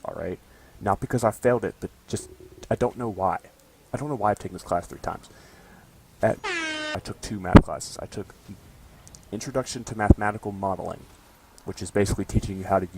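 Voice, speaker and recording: A man's voice: deep voice, vocal fry, a little mellow, a little hiss or hum. A young man in college ranting casually to camera, swearing often and tagging his lines with "okay?". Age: young adult. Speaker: college student vlogger.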